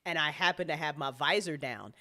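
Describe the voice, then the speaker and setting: A woman co-host in casual chat, telling profane, animated stories. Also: low-pitched, fairly quick. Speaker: co-host, audio drama creator.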